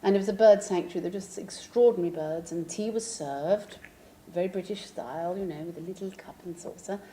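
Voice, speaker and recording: A woman pianist telling an anecdote with lively, theatrical delivery and laughing asides. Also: fairly low pitch, brisk, slight background noise. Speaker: pianist and storyteller. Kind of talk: anecdotal storytelling.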